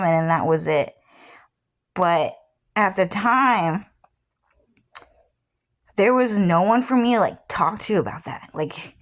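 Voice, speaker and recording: A woman in her thirties telling a personal story in a casual, rambling way, often repeating herself and swearing. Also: fairly low pitch. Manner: rambling, repeats "what happened is", swears freely. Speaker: vlogger.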